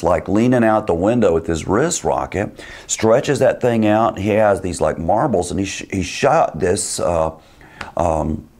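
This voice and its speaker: A man telling a rambling, lively anecdote in casual speech, acting out quoted dialogue. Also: fairly low pitch.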